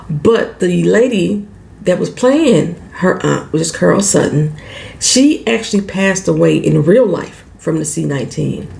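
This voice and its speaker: Animated woman with gravelly fry. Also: lowish voice. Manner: animated and salty, swears freely, acts out lines. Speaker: TV show recap vlogger. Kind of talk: casual show recap.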